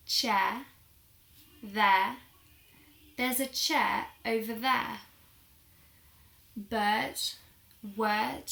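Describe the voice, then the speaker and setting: A woman's voice: medium pitch, creaky, a bit bright, reverberant. A woman with a British Received Pronunciation accent from the South of England, teaching pronunciation and carefully articulating each example word. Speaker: English teacher. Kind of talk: pronunciation lesson.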